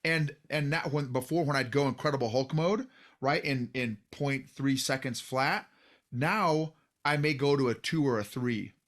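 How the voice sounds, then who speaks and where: A man's voice: mid-range voice, moderate pace, a bit bright. A middle-aged man hosting a podcast, speaking earnestly and often stumbling and restarting his sentences. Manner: earnest, with frequent restarts and stammers. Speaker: podcast host. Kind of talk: casual podcast conversation.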